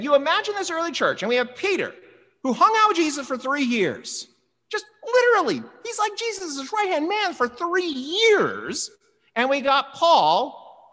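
A preacher reading scripture aloud and then explaining it in an emphatic, conversational way, often asking "right?". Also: sits high. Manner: animated, emphatic, with frequent "right?" asides. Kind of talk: Bible reading and sermon commentary. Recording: long hall reverb.

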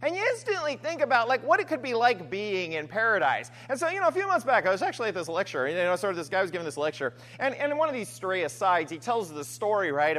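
Lively conversational male preacher. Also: high-pitched. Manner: conversational, frequent "right?" asides and restarts. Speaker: pastor. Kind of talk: sermon.

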